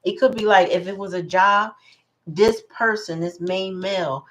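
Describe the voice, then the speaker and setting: A woman's voice: mid-range voice, normal speed, fairly bright tone, a little hiss or hum, rough recording. A woman giving a casual live tarot reading, musing aloud and greeting her viewers. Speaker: tarot reader.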